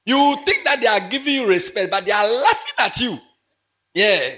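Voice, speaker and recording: A pastor delivers what sounds like a lively church sermon at normal speed, his high, bright, ringing voice leaping all over the scale. Animated and playful, he jokes and laughs often, shouting loud exclamations one moment and dropping to near-murmured asides the next.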